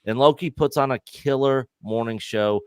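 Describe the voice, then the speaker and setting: Male stream host, casual and upbeat, reads donations aloud and fills in with quick yeahs. Smooth, dry desk-mic sound. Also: medium pitch, a little mellow, dry recording. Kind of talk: casual livestream chat, reading chat messages.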